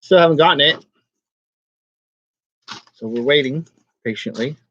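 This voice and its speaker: A man's voice: fairly high pitch, fairly bright tone. A man in a casual, rambling vlog who jokes, complains, and laughs easily. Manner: rambling, joking, quick to laugh. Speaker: online reseller vlogger. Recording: dull, lo-fi, dry sound.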